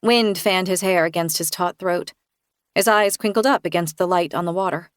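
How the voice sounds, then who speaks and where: A woman reading a first-person thriller aloud in an expressive, tense storytelling manner. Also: on the low side, normal speed, no room sound, clean studio sound. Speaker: audiobook narrator. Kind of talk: first-person novel narration.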